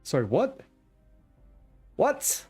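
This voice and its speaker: A man's voice: sits high, huge pitch swings, drawn-out words, dark tone, husky, soft background music. A man streaming a game, chatting casually to viewers, swearing often and restarting his sentences. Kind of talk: casual live-stream chat.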